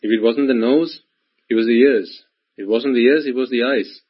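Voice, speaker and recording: A man's voice: medium pitch, steady tone, normal speed, slightly rough. A man giving a Buddhist dharma talk, repeating himself and asking rhetorical questions, on a dull lo-fi recording. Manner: repetitive, full of rhetorical questions. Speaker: Buddhist teacher.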